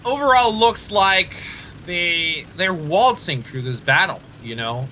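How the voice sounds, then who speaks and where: A man casting a live tank match, excitable, laughing often and stumbling over player names. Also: sits high, slow, a little hiss or hum. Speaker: esports caster.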